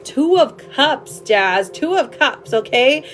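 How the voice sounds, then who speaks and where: A woman's voice: sits high, animated, slow pace. A woman giving a live-streamed tarot reading in a chatty, affectionate way, calling her viewers darling and my love. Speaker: tarot reader.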